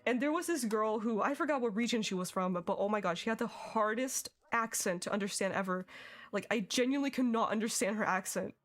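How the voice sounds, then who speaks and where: A woman's voice: fairly high pitch, a little fast. A young woman streaming a game, chatting casually and giggling as she reads her chat.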